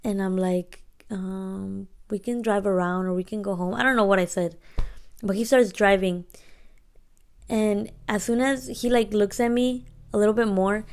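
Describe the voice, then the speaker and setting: A woman's voice: medium pitch, fairly even intonation, normal speed, a little mellow, clear, resonant tone. Slangy young woman telling a story. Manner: slangy, playfully re-enacts dialogue. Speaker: podcast co-host. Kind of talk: casual storytelling.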